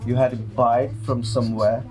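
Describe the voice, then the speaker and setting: A man's voice: mid-range voice, flat delivery, a little fast, over music, low-quality recording. Easygoing male interviewer. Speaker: host, interviewer. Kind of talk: casual interview chat.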